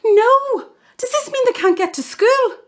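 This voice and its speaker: A woman playing an excitable, fussing mother in an amateur film. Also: very high voice, measured pace, heavily acted. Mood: indignant. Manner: dramatic, exclaiming.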